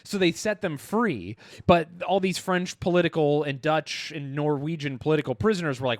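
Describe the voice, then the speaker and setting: A man with a fairly high voice spins an animated story on a casual podcast, jumping into the voices of the people in it. The sound is close and dry, with no room at all. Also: brisk, hardly any pauses, dry recording. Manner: animated storyteller, acting out quotes with profanity. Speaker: podcast co-host. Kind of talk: casual chat.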